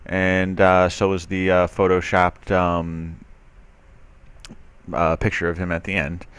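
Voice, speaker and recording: Man, very low voice, sarcastic commentary, reads news aloud, dry close-miked sound. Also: completely flat delivery, takes it slowly, fairly bright tone, clean tone, dry recording. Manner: skeptical and sarcastic, scoffing; loose, with frequent fillers and restarts. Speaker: commentary video host.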